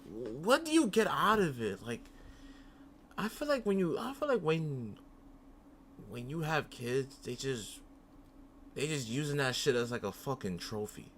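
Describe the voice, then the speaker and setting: A man's voice: medium pitch, very animated, a little slow, pauses often, a bit bright, slight background noise. A young man hosting a reaction channel, talking casually in a rambling way, often repeating himself and swearing.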